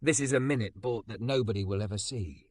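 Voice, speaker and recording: A man's voice: lowish voice, a little fast, no room sound, natural voice. A man voicing a thoughtful, frank woman who works as a strategist. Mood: reflective. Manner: frank, reflective.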